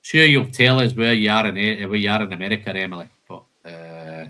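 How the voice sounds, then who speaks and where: Hosting a live whisky tasting, a man casually lists flavour notes and calls people "man" and "mate." His fairly low voice is brisk, pushed and bright.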